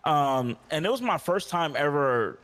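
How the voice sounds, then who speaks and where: A man's voice: a little high, big pitch swings, a little slow, fairly bright tone, long reverb tail. A man playing a police officer in a role-play game, frustrated and recounting past conversations in detail. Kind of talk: in-character role-play complaint.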